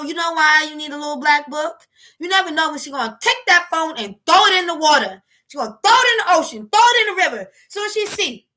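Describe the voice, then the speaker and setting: High bright animated woman host. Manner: animated, acts out quoted voices, laughs often. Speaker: live stream host. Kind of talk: casual monologue on relationships. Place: at home.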